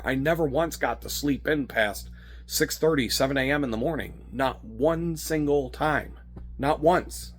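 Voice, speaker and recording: A man's voice: medium pitch, a bit bright. A man giving a candid, rambling walk-and-talk monologue outdoors, swearing freely and acting out his own inner voices. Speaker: vlogger.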